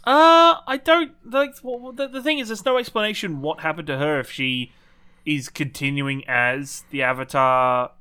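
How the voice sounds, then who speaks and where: A man's voice: a little high, moderate pace, bright, forceful tone, smooth. A man co-hosting a casual podcast, ranting animatedly with incredulous questions and free swearing. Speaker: podcast co-host. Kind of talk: casual pop-culture chat.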